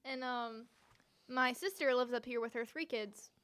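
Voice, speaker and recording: A young woman hosting a casual group chat, chatty and quick to giggle. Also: on the high side, fairly bright tone, smooth. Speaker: host.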